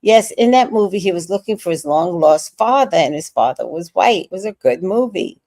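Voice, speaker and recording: Reading her chat on a relaxed livestream, this sixty-something host talks movies and admits she's tired. Her fairly low, mellow voice is animated at a moderate pace, with no echo. She reacts to viewers with laughter and bursts into song now and then.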